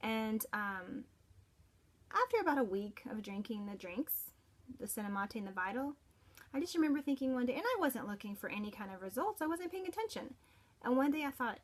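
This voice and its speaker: Middle-aged woman, somewhat high voice, sincere unscripted testimonial with many false starts. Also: animated. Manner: earnest, halting, with frequent restarts. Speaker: parent giving a product testimonial. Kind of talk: personal testimonial.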